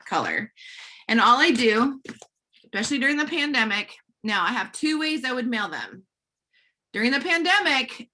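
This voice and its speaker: A woman giving casual selling tips on a group call, chatty, with quick asides and little acted-out dialogues. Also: fairly high pitch, pushed and bright. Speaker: network marketing presenter.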